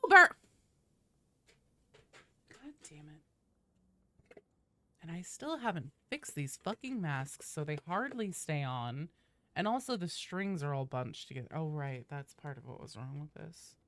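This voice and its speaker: Low-voiced swearing woman streamer. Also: very animated, normal speed. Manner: chatty and loose, swears often. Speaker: game streamer. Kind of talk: casual live-stream chat.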